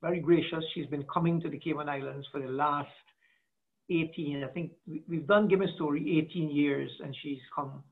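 Gravelly man rambling over a call. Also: a little high, fairly even intonation, normal speed. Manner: rambling, searching for words, trailing off. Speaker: guest, artistic director. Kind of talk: conversational interview. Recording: tinny video-call audio.

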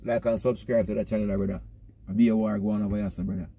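A man's voice: fairly low pitch, quick pace, a little hiss or hum. A man with a Jamaican accent giving a rambling comic rant as a self-styled pastor, peppering every line with "brother". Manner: repeats "brother" rhythmically, animated and preachy. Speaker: comic vlogger pastor persona.

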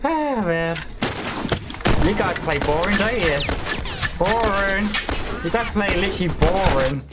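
A man's voice: sits high, lively intonation, normal speed, heavy background noise. A man streaming a multiplayer game live, mocking the other team with repeated taunts and frequent laughs. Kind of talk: live gameplay commentary.

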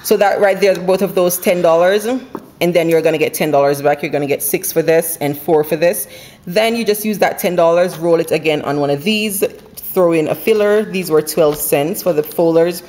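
A woman chatting casually at home about her couponing haul, running through prices quickly and laughing now and then. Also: fairly low pitch, a little mellow. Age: adult with school-age kids. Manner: chatty, quick, runs numbers aloud, laughs often. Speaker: couponing vlogger. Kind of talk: casual haul video chat. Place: home, indoors.

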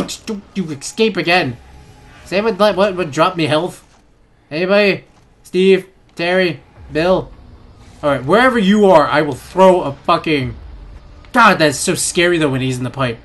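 A young man with a high, bouncy voice comments on a horror game he's playing. He gets excited fast, swears a lot and shouts at the monsters on screen. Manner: excitable, swears often, yells at enemies. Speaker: gaming YouTuber. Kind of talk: let's play commentary.

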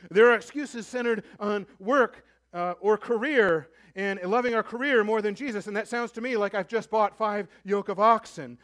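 High-voiced earnest male pastor. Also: moderate pace, hardly any pauses. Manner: earnest, rises to emphatic then drops low and soft. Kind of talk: sermon. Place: church.

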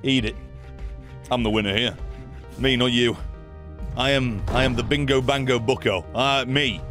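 A man giving profane, excitable let's play commentary, often yelling at the game. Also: medium pitch, moderate pace, soft background music. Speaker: gaming channel host.

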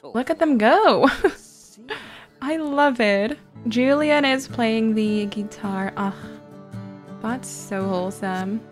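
A woman hosting a gaming video, reacting to the game in excitable, giggly casual commentary. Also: a little high, takes it slowly, pauses often, soft background music. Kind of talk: casual let's-play commentary.

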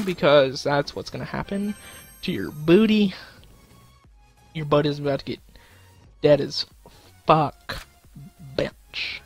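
A man's voice: on the high side, lively intonation, a little slow, long pauses, a bit bright, faint music behind. A young man in casual live-stream commentary, goofy and crude, talking to himself and his chat with sudden silly outbursts. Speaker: gaming streamer.

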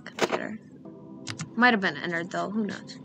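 A woman's voice: medium pitch, lively intonation, normal speed, gravelly, music in the background. A young woman co-streaming a horror game, chatting playfully and laughing at herself. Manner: giggly and playful. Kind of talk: casual gameplay chat.

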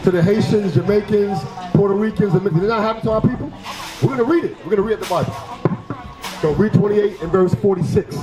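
High-voiced man preaching hard on the street. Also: fairly quick, echoey room, music in the background, low-quality recording. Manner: forceful, fires rhetorical questions, repeats "right?". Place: outdoors on a city street.

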